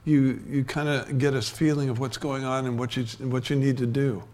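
A man preaching a sermon in a relaxed, conversational way, often restarting his sentences and chuckling between points. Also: medium pitch, moderate pace. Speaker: pastor.

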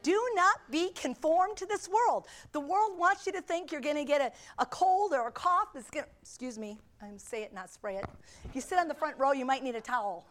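A high-pitched middle-aged woman preaches a sermon to her church congregation. She leans on repetition and emphasis, breaking off now and then for casual asides to the people in the pews. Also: lively intonation, brisk, few pauses, a bit bright.

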